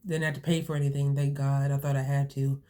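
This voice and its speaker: Flat, mellow-voiced young woman vlogger. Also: a bass voice, quick pace. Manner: rambling, heavy on fillers and restarts. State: sniffly from allergies. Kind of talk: casual storytelling to camera.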